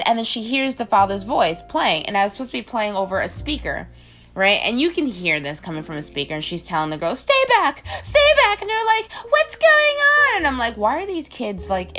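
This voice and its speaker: A woman casually reviewing a film, incredulous and rambling, filling her talk with "like" and squealing the characters' lines. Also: fairly bright tone. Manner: incredulous, rambling, heavy use of "like"; acts out characters' lines in squealing high voices. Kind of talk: casual movie review rant.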